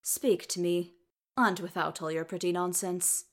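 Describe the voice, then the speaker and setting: Brief: gruff, direct storybook dwarf, voiced by a woman, unhurried delivery. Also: lowish voice, fairly even intonation. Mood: blunt. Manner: blunt, direct. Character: blunt gruff male dwarf, stubborn and loving. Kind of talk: audiobook character reading.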